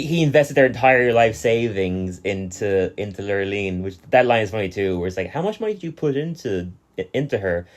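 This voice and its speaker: A young man with an Irish accent chats casually as a podcast co-host. He is animated and laughs often, and he acts out scenes in lively voices as he talks. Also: on the low side.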